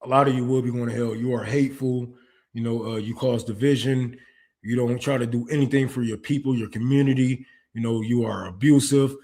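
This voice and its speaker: A young man delivering a heated, profane rant, full of stumbles and restarts, that swings between loud outbursts and low muttering. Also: fairly even intonation, brisk. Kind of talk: ranting monologue.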